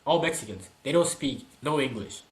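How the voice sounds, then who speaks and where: At a normal speed and medium pitch, a man co-hosting a podcast talks casually about youth soccer as a soccer dad. He tells his stories with animation, acting out the things people said.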